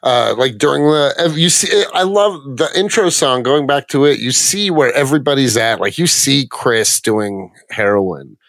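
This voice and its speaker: A man's voice: mid-range voice, animated, moderate pace, creaky, few pauses, a bit bright, no echo. A man co-hosting a podcast in casual chat, agreeable and often saying "dude" and "yeah". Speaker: podcast co-host.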